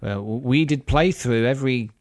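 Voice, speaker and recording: A man's voice: medium pitch, moderate pace, no echo, clean studio sound. Rambling, upbeat male podcast host. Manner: rambling, upbeat, many fillers. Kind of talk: casual podcast chat.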